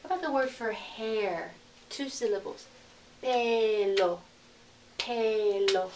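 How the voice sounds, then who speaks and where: A woman teaching a recorded lesson, speaking slowly and clearly and repeating each word for her learners. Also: a little high, animated, echoey room, distant mic, a little hiss or hum.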